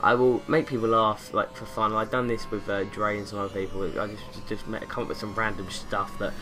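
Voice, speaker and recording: A bright, forceful young man from England chats away while playing a racing game, wandering from topic to topic and breaking into daft voices. Faint music sits behind him in his bedroom. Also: on the low side, level tone, fairly quick. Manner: rambling, jokey, slips into silly accents. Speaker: gaming YouTuber. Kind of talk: casual gameplay commentary. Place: bedroom with window open.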